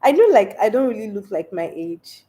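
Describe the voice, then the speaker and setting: A woman's voice: medium pitch, lively intonation, a little fast, dark tone. Stuffy-voiced Nigerian woman chatting live. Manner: chatty, laughs often. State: stuffy voice from a cold. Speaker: livestream host. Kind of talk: casual livestream chat reading comments.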